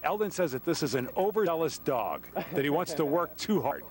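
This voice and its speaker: Excitable high-voiced sports anchor. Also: male voice, fairly quick, crowd noise. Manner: lively, joking, exclaiming. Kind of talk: excited live TV sports segment.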